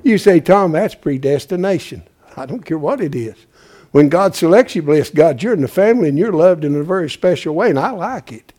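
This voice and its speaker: High-voiced preacher. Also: male voice, animated, fairly quick. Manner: folksy, calls out to congregation, swings from loud to hushed. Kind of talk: sermon.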